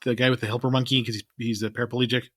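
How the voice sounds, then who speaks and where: Man, podcast co-host, casual rambling chat, mid pitch, dry close mic. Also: little pitch movement, rapid-fire, husky, no room sound. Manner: rambling, laid-back, trails off at ends of lines.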